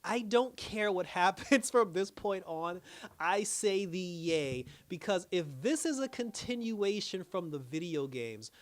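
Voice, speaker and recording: A young man giving a casual, animated review on his own channel, laughing often and restarting his sentences. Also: high voice, measured pace. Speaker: YouTube reviewer.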